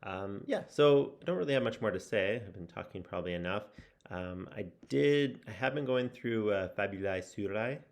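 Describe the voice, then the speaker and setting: Low-voiced guy rambling thru a casual vlog update, gravelly, lots of restarts. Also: animated, normal speed. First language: English. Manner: rambling, with many fillers and restarts; musing and self-reflective. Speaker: language-learning vlogger. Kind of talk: casual spoken progress update.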